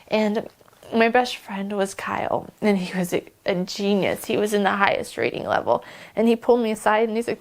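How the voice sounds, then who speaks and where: A young woman telling a personal story to the camera, halting and emotional, with pauses and fillers. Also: fairly high pitch, steady tone. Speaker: vlogger.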